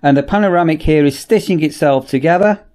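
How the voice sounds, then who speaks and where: A man giving a casual, chatty product demonstration in a workshop, often repeating "as I say" and pausing on ums. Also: fairly high pitch, a little mellow. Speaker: product reviewer.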